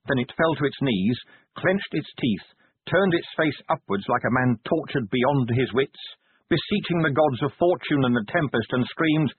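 A man narrating a novel as an audiobook reader, in measured storytelling. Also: slightly rough, no room sound. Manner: measured storytelling with lively pitch. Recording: phone-like lo-fi audio.

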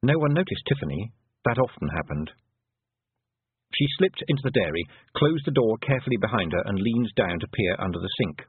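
A man narrating a book in a measured storytelling voice. His husky tone moves through a lively pitch range. The sound is dry and band-limited, like it is coming through a phone. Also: dry recording, phone-quality sound. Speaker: audiobook narrator. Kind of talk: scripted narration.

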